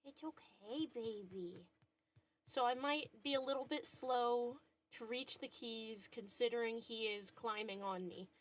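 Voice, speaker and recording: A woman with a slightly high voice chats casually to her livestream audience from home. She keeps slipping into a soft, cooing tone, as if soothing a pet. She speaks into a desk microphone. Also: little pitch movement, moderate pace, hardly any pauses. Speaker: streamer. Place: at home indoors.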